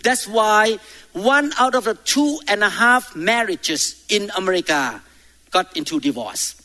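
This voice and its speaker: A man's voice: sits high, expressive, unhurried, bright, forceful tone. A man from Thailand preaching a sermon in church, emphatic, with calls to the congregation. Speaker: pastor.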